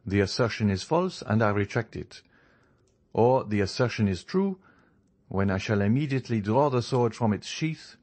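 A man voicing a calm, faintly mocking young male journalist in an audiobook, speaking in a composed, measured way. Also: on the low side. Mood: deliberate. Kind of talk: audiobook character reading.

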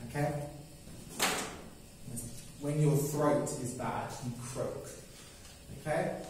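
A man's voice: medium pitch, fairly even intonation, takes it slowly, distant mic, noisy background. A man telling a simple story to English learners, explaining words as he goes and checking in with "okay?". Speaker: English teacher. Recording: very echoey room, voice away from the mic.

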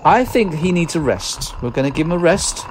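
Chatty podcast host. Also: male voice, fairly high pitch, big pitch swings, brisk, a little mellow, a little hiss or hum. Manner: chatty, wraps up the show. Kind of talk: casual chat.

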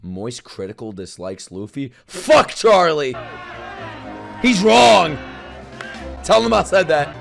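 A man streaming a live anime reaction, excitable and profane, often shouting out his reactions to the show. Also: on the high side, slow, gravelly, long pauses. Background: anime soundtrack and music playing.

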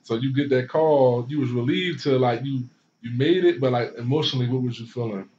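A man's voice: medium pitch, brisk, a little mellow. A man hosts a casual interview and asks his questions in an easy, conversational way. The recording sounds muffled and dull. A faint noise runs underneath. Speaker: podcast host.

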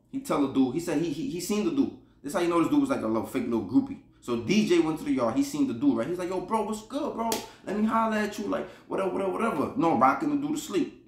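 Fast-talking man telling a prison story. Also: a little high, expressive, darkish tone, echoey room. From Buffalo, New York. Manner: rambling, slangy, repeats himself, laughs while telling. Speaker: podcast storyteller.

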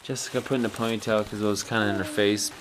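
A woman's voice: very deep voice, fairly even intonation, fast, slight background noise. A young woman making a casual family vlog, chatting playfully and talking to her baby and dogs. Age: young adult. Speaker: vlogger.

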